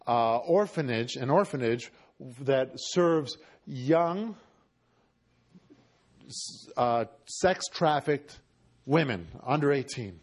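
A man's voice: medium pitch, a little mellow. A man preaching a sermon and telling a story with passion, his voice often rising toward a cry.

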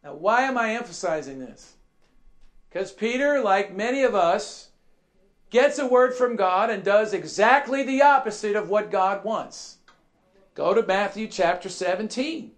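A man preaching a sermon, emphatic and repetitive, asking his listeners questions and swinging from soft asides to shouted emphasis. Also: sits high, lively intonation, a little slow. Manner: emphatic, repeats key phrases, asks the congregation questions.

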